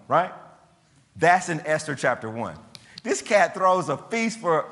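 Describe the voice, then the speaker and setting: Man, preacher, sermon, animated slangy storytelling, fairly high voice, long reverb. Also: a little slow.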